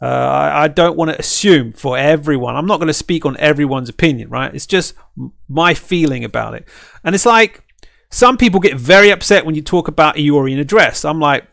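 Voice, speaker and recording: A man's voice: a little high, brisk, vocal fry, dry recording, studio quality. A man, a game streamer and caster, ranting in casual chat and often tossing in "right?" to check with his viewers. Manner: animated, ranting, keeps asking "right?".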